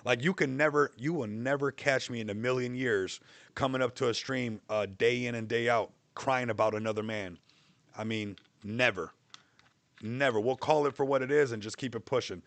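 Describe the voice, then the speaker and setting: A man's voice: medium pitch, moderate pace, creaky, a bit bright, no room sound. A young man hosting a livestream, talking in a loose, rambling way, mocking and laughing often. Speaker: livestream host. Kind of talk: casual livestream chat.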